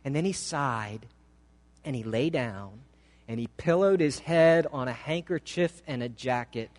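Slow, dramatic storytelling preacher. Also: male voice, medium pitch. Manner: dramatic, slow, emotive reading. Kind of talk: sermon storytelling. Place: church sanctuary. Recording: long hall reverb.

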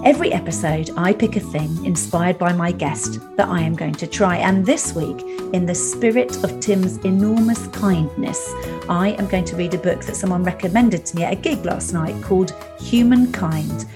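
A woman's voice: lowish voice, moderate pace, over music. A woman hosting a podcast, interviewing a guest in a teasing, freely swearing way, then reading the outro. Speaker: podcast host.

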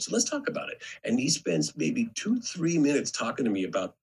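A man's voice: mid-range voice, normal speed, hardly any pauses, slightly rough, rough recording. A middle-aged man, a guest actor, telling stories in a casual podcast chat and acting out the quotes in them. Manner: animated storyteller, acts out quotes.

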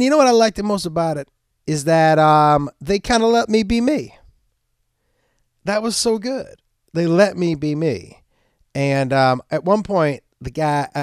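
A man's voice: mid-range voice, a little mellow, clean tone, no room sound, studio quality. A man hosting a podcast in a casual monologue, telling stories with candid, crude, rambling humor. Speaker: podcast host.

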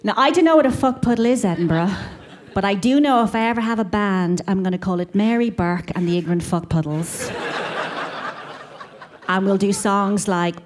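A woman's voice: mid-range voice, normal speed. A woman performing a stand-up routine on a comedy club stage, sardonic, with her bits building into mock rants. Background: audience laughter.

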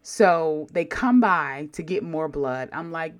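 Low-voiced sassy woman telling her story. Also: slow pace. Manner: animated, sassy, talks straight to viewers. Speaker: vlogger telling a personal story. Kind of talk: casual storytelling to camera.

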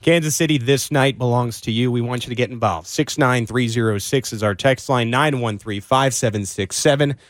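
A male host of a sports talk show sums up the game and takes listener calls. His voice sits at a medium pitch, dry and close. He keeps a measured tone. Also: no echo. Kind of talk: sports talk radio hosting.

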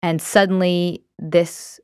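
A woman's voice: fairly low pitch, level tone, takes it slowly, clear, resonant tone, dry recording, clean studio sound. A woman hosting a self-help podcast, talking in a candid, reflective way with many fillers. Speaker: podcast host. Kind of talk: casual self-help talk.

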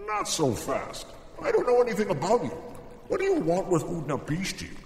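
Man voicing wary male ferryman of the dead, storybook, hushed warnings, roomy long reverb. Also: high-pitched, wildly swooping pitch, normal speed, a little hiss or hum, voice pushed up, heavily acted. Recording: echoey hall reverb.

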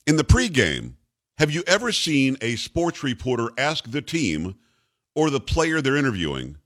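A man's voice: mid-range voice, wildly swooping pitch, moderate pace, a bit bright. A man hosting a talk radio show, making his points with rhetorical, emphatic questions to his co-host.

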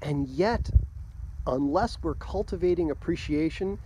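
A man in his fifties musing slowly to himself as a podcast host, recorded on a phone outdoors by a lake. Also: on the high side, slight background noise, poor audio. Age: 50s. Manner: slow and musing, laughs softly to himself. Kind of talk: reflective solo talk. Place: outdoors by a lake at day's end.

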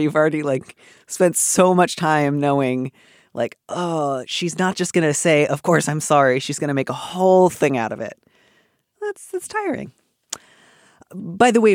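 A man's voice: medium pitch, no echo, clean studio sound. A man hosting an advice podcast, reading a listener letter and answering it in an earnest, wry, thoughtful way with many filler words. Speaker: advice column host. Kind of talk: casual podcast advice chat.

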